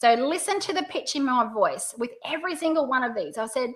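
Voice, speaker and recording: An Australian woman coaching direct sellers in a video lesson, upbeat and playing up her rising and falling pitch. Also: animated, brisk, hardly any pauses. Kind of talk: video tutorial.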